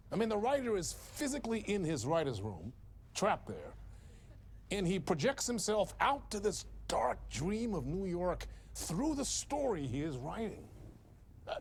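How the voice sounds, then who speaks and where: A lively talk show host. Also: male voice, high voice, vocal fry, slight background noise, full character voice. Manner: lively, probing interviewer patter. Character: smooth adult male talk show host.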